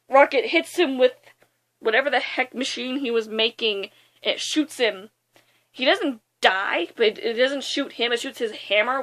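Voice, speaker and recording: A young woman casually retelling a movie's plot in a rambling, excitable way, with lots of fillers. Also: a little high. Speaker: movie reviewer.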